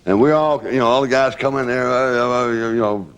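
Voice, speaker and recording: A man's voice: medium pitch, moderate pace, clean tone. Older man telling backstage stories. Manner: storytelling, acts out quotes, laughs. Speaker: former bodyguard recounting stories. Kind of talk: candid reminiscing interview.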